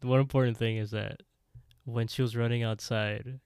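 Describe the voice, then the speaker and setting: A man co-hosting a podcast, recapping a TV episode in animated, casual storytelling and laughing often. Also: medium pitch, moderate pace, smooth, no echo, studio quality. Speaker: podcast co-host.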